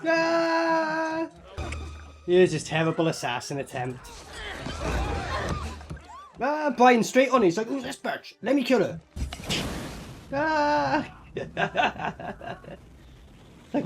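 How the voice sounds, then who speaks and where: A man with a notably high voice reacts to a movie in loose, swear-filled commentary. He rambles through fillers and asides, excitable and blunt, with faint music underneath. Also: slow pace, pauses often. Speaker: movie reviewer.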